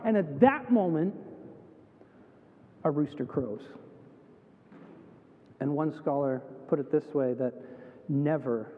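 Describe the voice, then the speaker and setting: A man's voice: on the high side, takes it slowly, long pauses. A Canadian man preaching a sermon, telling stories and acting out the voices of the people in them. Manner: animated storytelling, acts out quoted voices. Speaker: pastor. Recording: tinny phone-like sound in a reverberant hall.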